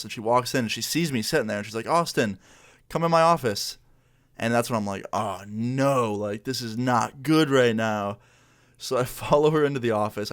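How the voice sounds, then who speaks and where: A young man casually telling a school story to his viewers, acting out the dialogue as he goes, with lots of "like" and relaxed asides. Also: on the low side. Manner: relaxed, chatty, heavy use of "like"; acts out dialogue with quotes. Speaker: vlogger.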